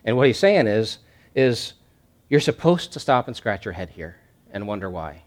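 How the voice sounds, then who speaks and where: A pastor with a lowish, sing-song voice preaches a sermon at normal speed. He repeats key phrases for stress and reads scripture aloud with rising energy.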